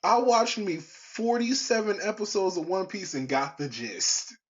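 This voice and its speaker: A man's voice: high-pitched, animated, unhurried, highs cut off. A young man hosting his own podcast in a casual, rambling way, full of slang and restarts. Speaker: podcast host. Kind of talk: casual solo podcast chat.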